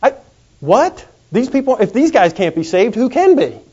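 A man preaching a sermon in a folksy, animated way. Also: extremely high pitch, breathy edge. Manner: folksy, animated, acts out quick comic voices. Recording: dull lo-fi recording.

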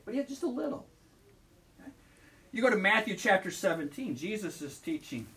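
Male pastor, conversational sermon in a church, high voice, mic set back. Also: lively intonation, fairly quick, a bit bright, recorded from a distance. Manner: conversational, asks the congregation questions. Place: church sanctuary.

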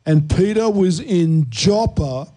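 Host, NY-man, slightly high but dark, mellow voice, earnest explainer. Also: lively intonation, slow pace, poor audio. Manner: earnest teaching tone with fillers. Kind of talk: Christian talk show discussion.

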